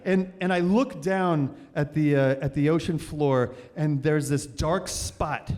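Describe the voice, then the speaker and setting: A man telling a personal story live on stage, animated and vivid, often restarting phrases. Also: on the high side, unhurried. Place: cultural center hall, on stage. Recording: long hall reverb.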